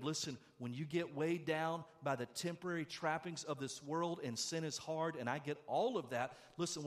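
A middle-aged male pastor preaching a sermon, animated and conversational, swinging from loud, quick bursts to low, hushed stretches.

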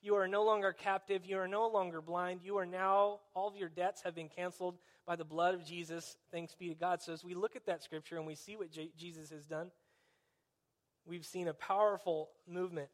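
A man's voice: high voice, steady tone, fairly quick. A man preaching a conversational sermon, dropping in wry, sarcastic asides.

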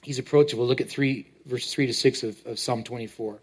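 Male pastor, sermon in church, halting, repeats words, story told gently. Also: mid-range voice, fairly even intonation, slightly rough. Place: church sanctuary.

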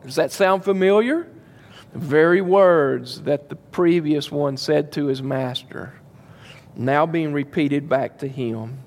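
A man preaches to his congregation with a somewhat high-pitched voice. He leans hard on his points and repeats them for weight. His voice echoes with the long reverb of a large church hall. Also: slow. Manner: emphatic, repeats key phrases, addresses the congregation directly. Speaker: pastor. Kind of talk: sermon.

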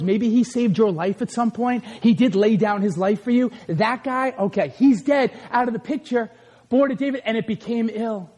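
A man preaching a sermon, telling a story with animated, conversational energy. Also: high-pitched, slightly rough. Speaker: pastor.

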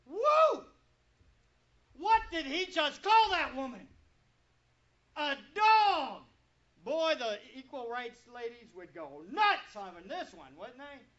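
A pastor preaching a sermon to a congregation, full of rhetorical questions and swinging between loud and quiet. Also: sits high, big pitch swings, takes it slowly. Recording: dull lo-fi recording.

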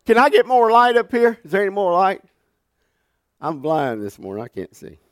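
A pastor in the pulpit, telling stories with a folksy, animated delivery and chuckling along the way. His voice sits a little higher than most men's, and the sound is close and dry with almost no room echo. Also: moderate pace. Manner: folksy, animated storyteller who laughs through his stories. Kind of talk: sermon with storytelling. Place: church sanctuary.

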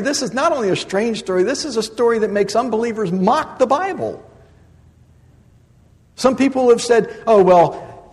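A man preaching a sermon who reads scripture, then explains it with humor, stressing points by repeating phrases and swinging from loud to soft. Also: on the high side, big-room sound. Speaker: pastor.

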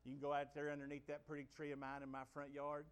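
Folksy preaching man, rather high voice. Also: fast talker, smooth. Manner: folksy preaching, rising to excited shouts. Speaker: pastor. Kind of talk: sermon.

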